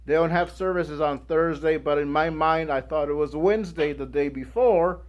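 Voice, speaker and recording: A young man giving a guest speech, telling a personal story in an animated way and acting out the people in it. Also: a little high, moderate pace, muffled recording. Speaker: guest speaker.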